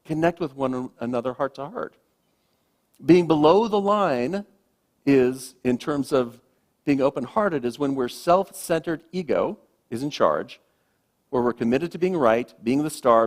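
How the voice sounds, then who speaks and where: A man, a minister, giving a gentle, reflective sermon with slow, emphatic pauses, speaking to a congregation in a church. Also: a little high. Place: church sanctuary.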